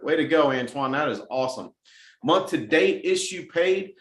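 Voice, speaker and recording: A middle-aged man leading a weekly motivational sales meeting, energetic and repeating phrases for emphasis. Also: a little high, normal speed, echoey room. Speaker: sales team leader hosting a weekly message. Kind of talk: motivational team address.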